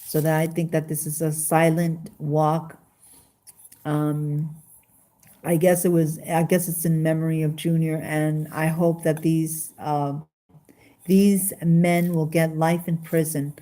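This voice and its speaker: A woman chatting casually on a live stream, halting, with many fillers and restarts. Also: sits low, flat delivery, warm tone. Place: home in Las Vegas.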